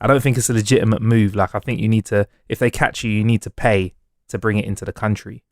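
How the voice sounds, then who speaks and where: A young man co-hosting a podcast in relaxed, chatty banter that often trails into restarts. His pitch is ordinary. The sound is close and dry. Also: quick pace, creaky, no echo. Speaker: podcast co-host. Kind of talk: casual chat.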